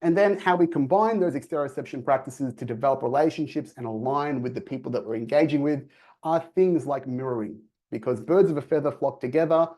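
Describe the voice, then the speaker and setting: A man's voice: medium pitch, a little fast. A man giving a sales coaching talk on a video call, energetically acting out quoted dialogue. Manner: energetic, acts out quoted dialogue in lively voices. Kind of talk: presenting to a virtual audience.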